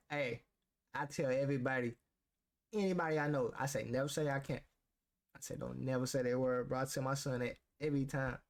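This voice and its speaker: A man casually reading a self-help book aloud and reacting to it in slangy, talk-back commentary. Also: medium pitch. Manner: slangy, talks back to the text, reads passages aloud then riffs.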